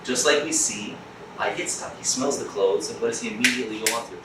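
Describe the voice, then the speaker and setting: A rabbi giving a lively, joking class at a school, acting out quick voices of other people as he teaches. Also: mid-range voice, distant mic, noisy background. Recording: echoey room, mic from afar.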